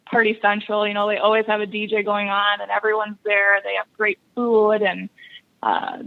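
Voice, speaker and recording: A woman from Buffalo County, Wisconsin, guests on a podcast and tells hunting stories in a casual interview, laughing often as a lively storyteller. Her voice is medium-pitched, moderately paced and creaky, with phone-quality sound.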